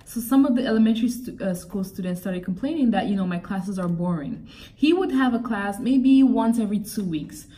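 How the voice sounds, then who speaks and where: Casting: young adult woman, casual exasperated storyteller, mid pitch, slightly distant mic. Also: brisk. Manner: animated, exasperated, laughs often, acts out quotes. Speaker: vlogger.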